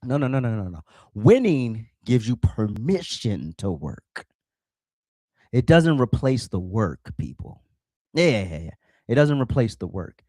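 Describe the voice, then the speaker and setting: A man's voice: medium pitch, sing-song, unhurried, mellow, no echo, studio quality. A man hosting a solo podcast, ranting about politics in a fired-up, emphatic way and repeating phrases for punch. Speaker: podcast host.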